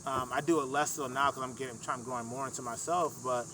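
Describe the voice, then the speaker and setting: A man's voice: medium pitch, fairly even intonation, quick pace, noisy background. A man from Michigan appearing as a podcast guest, talking in a thoughtful, analytical and earnest way. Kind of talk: casual conversation.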